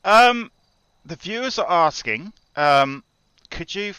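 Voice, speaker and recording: A man's voice: high-pitched, expressive, takes it slowly, pushed and bright, clean tone, no echo. A man hosting a role-play interview show, chatty with formal interviewer phrasing. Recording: dry lo-fi game voice chat.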